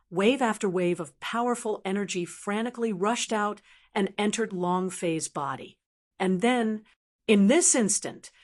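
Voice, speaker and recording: A woman steadily reading a fantasy novel aloud as an audiobook narrator. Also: mid-range voice. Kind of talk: scripted narration.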